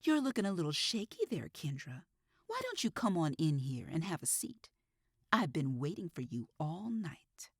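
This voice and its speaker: A woman voicing a calm, menacing female killer who talks with a husky voice and breaks into bitter, wide-ranging outbursts in a storybook reading. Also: low-pitched, moderate pace, no room sound, studio quality, heavily acted. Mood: eerily calm.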